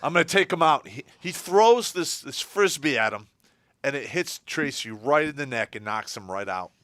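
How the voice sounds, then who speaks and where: A bright, forward-voiced man holds the floor with a rowdy story on a livestream, laughing through his own punchlines. His voice is close and dry, with no room sound around it. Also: mid-range voice, very animated, moderate pace, no room sound. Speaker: co-host. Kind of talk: casual livestream chat.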